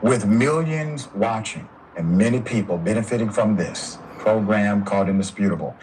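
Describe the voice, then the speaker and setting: A man hosting a news commentary show, speaking emphatically with dramatic pauses. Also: lowish voice, darkish tone, a little hiss or hum, rough recording.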